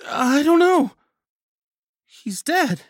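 A woman's voice: high-pitched, big pitch swings, very slow, no room sound, studio quality, voice pushed up, heavily acted. A man voicing Nancy, a tough young woman survivor who talks bluntly and swears, in a horror audio story. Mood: grieving. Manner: blunt, swearing, then grieving.

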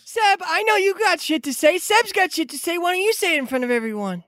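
A woman's voice: extremely high pitch, expressive, fast talker, fairly bright tone, no echo, clean studio sound, pitched above the performer's own voice. A woman voicing a brash young bar worker who swears casually, in a comedic tabletop game.

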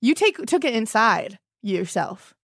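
A woman's voice: on the high side, big pitch swings. A young woman hosting a comedy podcast, overwrought and flipping moods in a flash as she calls people on the phone. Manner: dramatic, overwrought, quick mood flips.

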